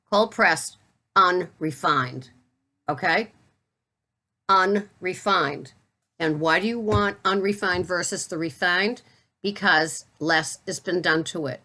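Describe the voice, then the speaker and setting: A woman's voice: low voice, fairly bright tone. A middle-aged woman with a Boston accent, chatting casually and bluntly to camera about the food she buys. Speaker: keto vlogger. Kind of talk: casual product talk to camera.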